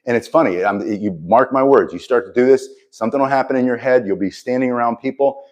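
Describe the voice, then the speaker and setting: Earnest middle-aged self-defense instructor. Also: male voice, medium pitch, fast talker. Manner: earnest, motivational, loose with restarts and chuckles. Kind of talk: casual direct-to-camera talk.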